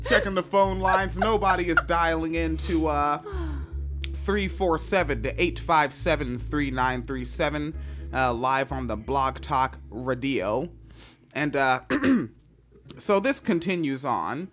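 A man's voice: fairly high pitch, lively intonation, slow, a bit bright, soft background music. A man hosting a podcast, reading news items aloud and riffing on them in a loose, profane way. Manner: profane, loose, reads news then riffs. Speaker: podcast host. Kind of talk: casual news commentary.

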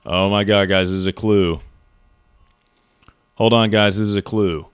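A young man with a low voice chats through a live game stream. He jokes around, reacts to the game and reads out chat messages. The sound is dry and close. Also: steady tone, measured pace, clean tone, no room sound. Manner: jokey, reacts to chat and thanks subscribers.

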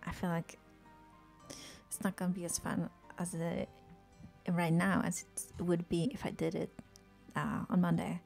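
A woman streaming a game live, chatting excitedly and swearing, sick with a headache. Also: fairly low pitch, a little slow, creaky, faint music behind. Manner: excitable, swears often, laughs, trails off. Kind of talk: live gameplay commentary.

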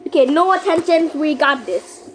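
A woman giving live commentary over her own gameplay, excitable and panicky, repeating herself and shouting countdowns when the clock runs down. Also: high voice, a little hiss or hum. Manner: repeats phrases rapidly under pressure. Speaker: gaming channel host.

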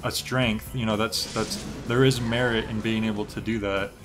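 A young man with a lowish voice chats casually while streaming a game, rambling and dropping plenty of filler words. His intonation stays fairly even and his pace is moderate, with music playing over it, in a relaxed gameplay stream.

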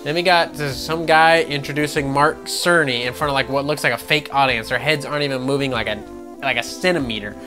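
A man's voice: mid-range voice, fairly quick. Sarcastic, profane man ranting about games. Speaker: gaming channel host. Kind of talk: ranting gaming news vlog. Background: background music.

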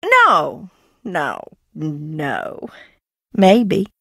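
A woman's voice: low voice, huge pitch swings, extremely slow, creaky, a bit bright, dry recording, clean studio sound, heavily acted. An actress playing an eccentric, mocking young woman hiding in an old mansion in a video game, talking with sardonic, theatrical swings. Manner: sardonic, theatrical, swinging between taunts and outbursts.

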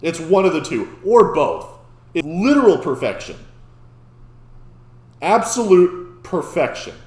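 A man talking through a reaction video in an excitable, tumbling way, starting sentences over as he goes. His voice sits a little high, and the room around him rings with echo. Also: slow. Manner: excitable, restarts and stammers when amazed. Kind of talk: casual reaction commentary. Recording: echoey room.

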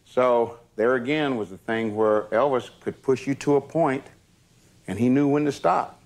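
An older man, recalling old times in a plainspoken, steady way. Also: mid-range voice, normal speed. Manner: plainspoken, steady, fills with "you know". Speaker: former entourage member telling stories. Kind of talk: casual storytelling.

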